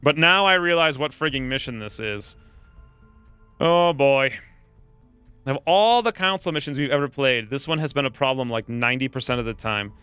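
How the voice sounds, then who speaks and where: Male streamer with a crisp, clear voice: casual, self-mocking commentary while he plays. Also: medium pitch, lively intonation, moderate pace, bright, forceful tone, no room sound, faint music behind. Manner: joking, self-mocking, thinks aloud. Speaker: gaming streamer.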